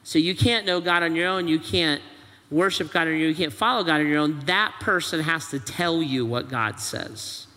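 A man's voice: fairly high pitch, normal speed, bright, forceful tone. A man preaching a sermon as pastor, pressing his point with repeated rhetorical questions. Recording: long reverb of a large hall.

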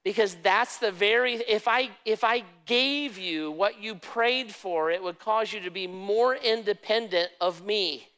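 A man's voice: high-pitched, measured pace, few pauses, pushed and bright, clean tone, long reverb tail, pitched above the performer's own voice. A man in a sermon voicing Jesus as an urgent, pleading male divine voice, raised and earnest.

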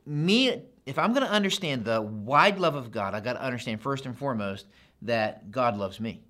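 A man preaching a sermon in a conversational, animated way, building to emphatic repetition. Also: mid-range voice, normal speed. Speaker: pastor.

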